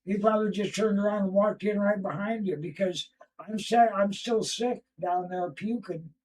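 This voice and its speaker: A man with a high voice joins a livestream chat from well away from the microphone. He talks in a casual, drawling way, backing up the host's story. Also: moderate pace, darkish tone, recorded from a distance, slight background noise, rough recording. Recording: voice from off-mic.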